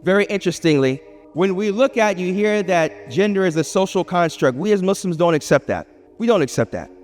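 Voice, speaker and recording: A man giving a lively public lecture, asking the audience questions and acting out little scenes. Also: high voice, fairly quick. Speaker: Islamic speaker. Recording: hall reverb with faint music.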